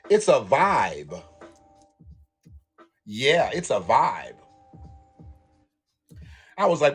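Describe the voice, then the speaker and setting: A man's voice: high voice, a bit bright. A man delivering an angry, profane, repetitive rant as a YouTube commentator. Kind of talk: angry ranting monologue.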